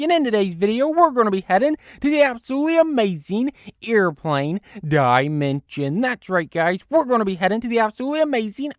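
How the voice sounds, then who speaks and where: A man hosting a gaming channel, giving gameplay commentary in a gushing, over-the-top excitable way, piling on superlatives with big swings in pitch and loudness. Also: clear, resonant tone, no echo, studio quality.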